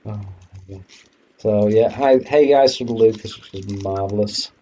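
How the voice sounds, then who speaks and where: A man's voice: on the low side, a little slow, mellow, highs cut off. A man hosting a retro game live stream, chatting casually and swearing now and then. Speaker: streamer host.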